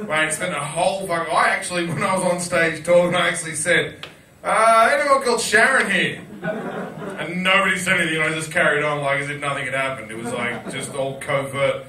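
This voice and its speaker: A man's voice: on the high side, fairly even intonation, brisk, bright, forceful tone, roomy sound, recorded from a distance, slight background noise. A man hosting a chat show, joking crudely and swearing in casual banter.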